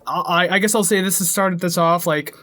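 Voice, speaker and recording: A man's voice: high-pitched, fairly even intonation, normal speed, sharp tone. Rambling young man reviewing an album. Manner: rambling, hedging with many fillers. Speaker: podcast co-host. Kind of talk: casual album review chat.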